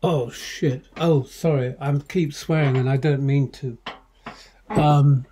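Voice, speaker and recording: A man's voice: mid-range voice, fairly even intonation, slow, mellow, a little hiss or hum. An older man, a film director, telling loose, profane anecdotes in casual commentary, often breaking off and restarting. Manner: rambling, profane, self-interrupting.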